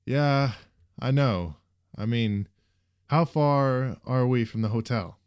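A man's voice: medium pitch, slow, darkish tone, clean tone, pitched above the performer's own voice, natural voice. A man voicing a cautious, patient young male student in a storybook reading.

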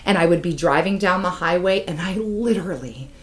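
A woman co-hosting a podcast, telling a painful personal story with raw emotion and plenty of swearing. Her voice drops low and hushed, then climbs loud and heated. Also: brisk. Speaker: podcast co-host. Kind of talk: candid podcast chat.

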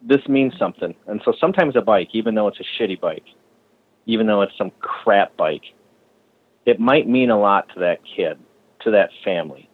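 A man's voice: fairly low pitch, expressive, normal speed, breathy edge, phone-quality sound. A custom bicycle frame builder, a man telling stories in a casual podcast interview, swearing freely and ranting heatedly.

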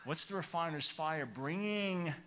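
A man preaching a sermon, telling a personal story with animated, rising excitement, then calling listeners to change. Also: measured pace. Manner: animated storytelling, grows loud and high when excited.

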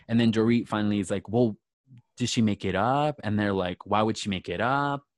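Male podcast co-host, gossipy recapper, lower voice, dry booth sound. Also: a little fast, dry recording. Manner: gossipy, animated retelling with quoted lines. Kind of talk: casual reality TV recap chat.

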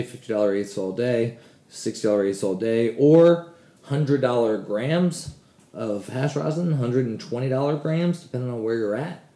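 A man's voice: medium pitch, warm tone, roomy sound. A man hosting a casual solo podcast, rambling and swearing freely as he talks, often poking fun at himself. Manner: rambling, profane, self-deprecating. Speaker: podcast host.

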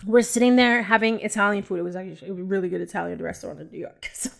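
A woman's voice: medium pitch, fairly even intonation, rapid-fire, gravelly. A woman hosting a podcast, telling her personal faith testimony in an emotional, rambling way and talking straight to her listeners, sometimes dropping to a whisper. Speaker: podcast host. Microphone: audio-only home recording.

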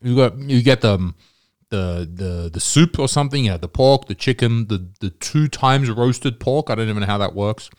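A man's voice: medium pitch, a little mellow. A man hosting a podcast in casual chat, teasing his co-host and riffing with profane jokes. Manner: teasing, profane, quick to riff.

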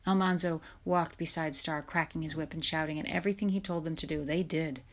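Woman audiobook reader, low-pitched, steady narration. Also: fairly quick. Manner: steady storytelling, lively for dialogue. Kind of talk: scripted narration.

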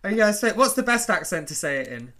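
A man's voice: high voice, big pitch swings, fast, heavy background noise. A man co-hosting a podcast, chatty and giggly. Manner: giggly, warm-hearted, chatty. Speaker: podcast co-host. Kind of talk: casual chat.

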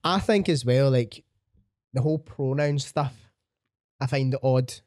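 A man's voice: medium pitch, a little slow, a little mellow, no room sound. Blunt sweary man, dry mic. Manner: blunt, sweary, emphatic ranting. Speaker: podcast host. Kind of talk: casual opinionated chat.

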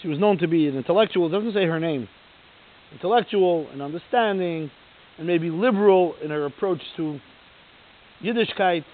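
A man's voice: sits high, moderate pace. A man giving a sermon as a Torah lecturer, telling a story and then pressing emphatic rhetorical questions. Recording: tinny phone-like recording.

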